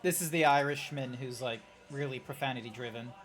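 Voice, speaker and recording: A man's voice: mid-range voice, fairly quick, fairly bright tone. A man in casual, rambling commentary while streaming a video game, full of asides. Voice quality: rambling, lots of fillers and asides. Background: music playing.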